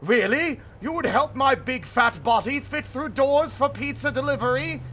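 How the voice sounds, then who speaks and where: A man voicing a huge, clumsy, apologetic monster who delivers pizza, in a loud, high, over-eager squawk. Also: expressive, moderate pace, full character voice. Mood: amazed. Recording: noisy with game car sounds.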